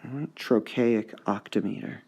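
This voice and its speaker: A male high school English teacher giving a recorded lesson on poetic meter, repeating words to sound out their stresses. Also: moderate pace, dark tone, breathy edge. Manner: sounds out syllables to mark the stresses.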